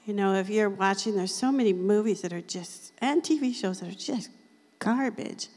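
A woman giving a casual, chatty Bible teaching, laughing often and reading scripture slowly. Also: medium pitch, darkish tone. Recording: long hall reverb.

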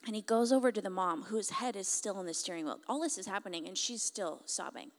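A woman retelling a moving story as testimony, in an emotive, halting way with frequent restarts. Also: medium pitch. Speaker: speaker. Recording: long hall reverb.

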